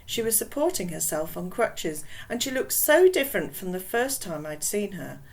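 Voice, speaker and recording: A woman's voice: medium pitch, sing-song, moderate pace, rough recording. A woman reading a children's novel aloud in a casual, chatty way. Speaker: reader.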